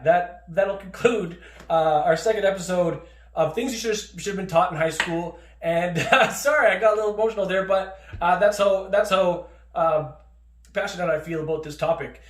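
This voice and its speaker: A man's voice: on the high side, echoey room. A man talking in a casual monologue as a podcast host, impassioned, swearing often and restarting his sentences, choked up with emotion.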